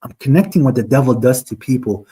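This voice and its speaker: Speaking quickly with lively intonation, a man with a mellow, slightly rough mid-range voice hosts a live religious stream online. He argues with and mocks chat viewers, addresses them straight on, and quotes Arabic verses.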